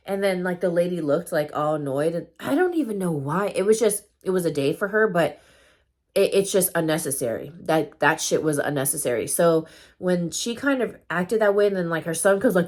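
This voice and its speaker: A woman's voice: lowish voice, animated, brisk. A woman vlogger telling a story time in casual chat, full of fillers and loose swearing.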